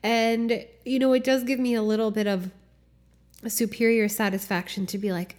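A woman's voice: a little high, fairly even intonation, normal speed, a little mellow. A woman hosting a solo podcast, reflecting aloud in a casual, candid way, swearing and laughing often with lots of fillers. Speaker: podcast host.

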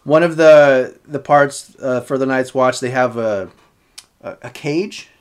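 Man recapping an episode, halting. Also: mid-range voice, smooth. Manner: halting, many fillers and restarts. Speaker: podcast host recapping a TV episode. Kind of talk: casual recap chat.

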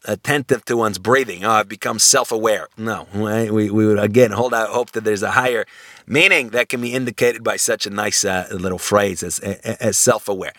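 A man's voice: lowish voice, moderate pace, a bit bright, dry recording, studio quality. A man giving a lecture, thinking aloud with frequent restarts, rhetorical questions and wry everyday examples. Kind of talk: university lecture.

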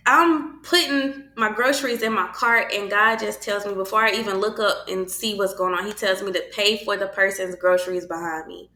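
Bright-voiced woman telling a faith story. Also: mid-range voice, normal speed, few pauses, echoey room. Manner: animated, acts out quoted voices. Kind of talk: casual personal storytelling.

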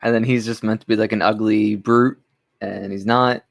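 A man with a somewhat low voice co-hosting a podcast in casual chat. He gives blunt, opinionated takes, recorded close and dry with no room sound. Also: fairly even intonation, normal speed, creaky, dry recording. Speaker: podcast co-host.

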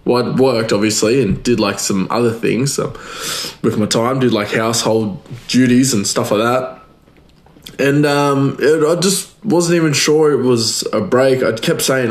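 A man's voice: mid-range voice, a little slow. A man hosting his podcast in a chatty, rambling, upbeat way. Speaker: podcast host. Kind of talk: casual chat. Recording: echoey room.

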